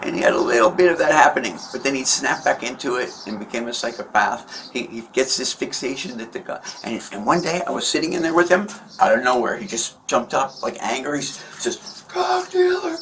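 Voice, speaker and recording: A landlord being questioned by a detective in a recorded police interview, talking in a rambling, defensive and emphatic way. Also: male voice, mid-range voice, lively intonation, a little fast, hardly any pauses, fairly bright tone, a little hiss or hum, low-quality recording.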